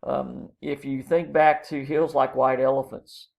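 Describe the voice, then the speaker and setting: A man, a college English instructor, explaining literary terms in a lecture, pausing often with ums and uhs. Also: medium pitch, flat delivery, gravelly, darkish tone.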